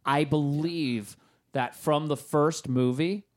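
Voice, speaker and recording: A man's voice: fairly high pitch, slow pace. Chatty man co-hosting a podcast. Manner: chatty, rambling with fillers. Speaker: podcast co-host. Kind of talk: casual chat.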